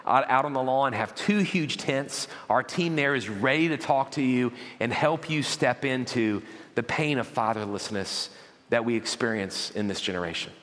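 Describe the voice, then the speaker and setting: A man preaching a sermon as pastor, telling animated stories and acting out parents and children. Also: medium pitch, moderate pace. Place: large church auditorium. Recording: long church hall reverb.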